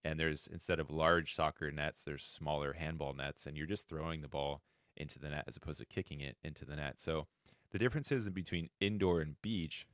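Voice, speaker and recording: A man from Florida with a very deep, resonant voice. He tells his coaching story at length, acting out the people he quotes. The recording is close and dry. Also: a little fast, dry recording. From Florida, USA. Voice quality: very deep, smooth voice. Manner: animated storytelling, acts out quoted dialogue. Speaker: guest, wheelchair handball head coach. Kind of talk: podcast interview storytelling.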